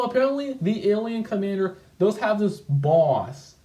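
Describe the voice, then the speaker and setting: A man's voice: sits high, very animated, moderate pace, mellow, roomy sound, low-quality recording. A man hosting his own video channel, talking through his old comic in a loose, rambling way with lots of fillers and restarts. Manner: rambling, lots of "like" and self-corrections. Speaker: channel host. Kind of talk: casual video commentary.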